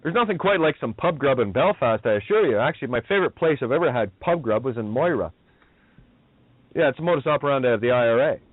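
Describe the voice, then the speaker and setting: A man from Northern Ireland hosts a ranting talk radio show, delivering a profane, combative tirade. His medium-pitched voice is animated and quick. The audio is dry and tinny, like a phone line.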